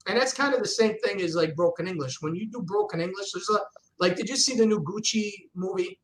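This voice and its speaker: A man's voice: sits high, brisk, slight background noise, low-quality recording. A middle-aged man, a comedian guest chatting casually and animatedly, who swears and acts out voices. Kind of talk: casual chat.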